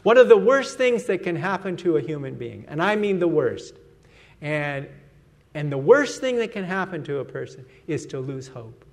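A man's voice: a little high, sing-song, moderate pace. A man preaching a sermon as pastor, earnest and emphatic, letting his voice fall at the end of each phrase.

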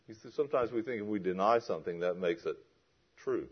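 A man's voice: lowish voice, animated, a little fast, long pauses, breathy edge, lo-fi sound. Man preaching with emphatic scripture reading. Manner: reads scripture aloud in a raised, emphatic voice. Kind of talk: expository sermon.

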